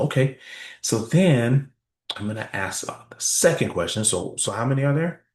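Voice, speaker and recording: A man with a fairly low voice teaches sales technique in an echoey room. He talks with energy, acting out short exchanges with customers and often checking in with "right?" between points. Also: normal speed. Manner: energetic, role-plays customer dialogue with frequent "right?" check-ins. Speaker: sales trainer. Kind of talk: sales training talk.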